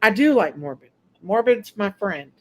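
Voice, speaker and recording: A woman's voice: mid-range voice, animated, moderate pace, darkish tone. A woman hosting a casual live-stream chat, defensive and bickering back at a guest.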